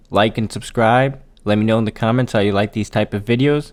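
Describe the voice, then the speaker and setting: A man doing a casual, excitable manga chapter readthrough for his viewers, swearing often and talking straight to them. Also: medium pitch, a little fast. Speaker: anime and manga YouTuber.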